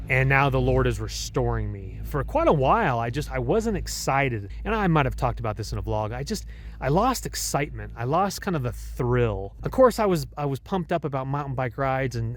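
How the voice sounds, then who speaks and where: A man talking in a casual, rambling vlog style as he skis, enthusiastic, speaking warmly about his faith. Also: medium pitch. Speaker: travel vlogger. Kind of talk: casual vlog narration while skiing. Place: outdoors on a ski mountain.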